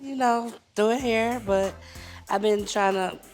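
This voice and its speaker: A woman's voice: on the high side, fairly even intonation, takes it slowly, a little mellow, faint music behind. A woman speaking candidly as a podcast guest in casual talk. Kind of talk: reality show talk and confessional.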